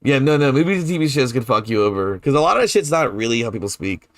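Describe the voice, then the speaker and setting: A man with a New Orleans accent talks loosely over his gameplay, chatty and quick to laugh, with some casual swearing. His voice sits at an ordinary middle pitch. It is recorded close and dry, with no room sound. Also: big pitch swings, no room sound. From New Orleans, Louisiana. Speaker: game streamer.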